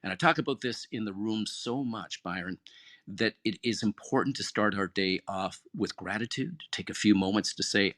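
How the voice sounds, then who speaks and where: A man's voice: on the low side, normal speed, fairly bright tone, no room sound, clean studio sound. A man hosting an online audio room, giving an earnest, encouraging motivational talk. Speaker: host. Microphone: phone or headset in an online audio room.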